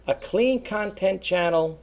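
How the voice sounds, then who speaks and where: Man, slightly high voice with a gravelly edge, rambling earnest webcam vlog. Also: slow, a little mellow. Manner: rambling, repeats himself, earnest. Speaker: eBay seller vlogger. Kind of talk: casual webcam monologue.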